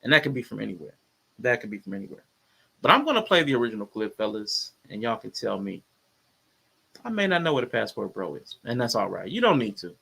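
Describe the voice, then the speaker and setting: A man's voice: lowish voice, fast talker, vocal fry, breathy edge. A man hosting a casual reaction commentary stream, talking loosely to his viewers and chat. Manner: relaxed, conversational, addresses viewers as y'all. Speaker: commentary channel host.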